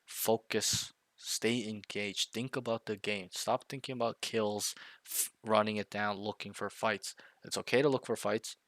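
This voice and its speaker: Blunt, intense man coaching, bright voice. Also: on the low side, steady tone, a little slow, no room sound, studio quality. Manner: blunt, intense, pushy with swearing; repeats himself, checks in with okay and right. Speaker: game coach. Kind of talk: one-on-one coaching talk.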